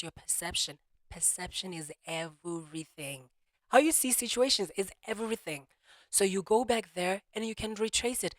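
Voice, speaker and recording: A man hosting a solo podcast, talking through his thoughts in a reflective way and often pausing to search for words. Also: high voice, fairly bright tone, no room sound. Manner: thoughtful, searching for words, many restarts and "you know"s. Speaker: podcast host.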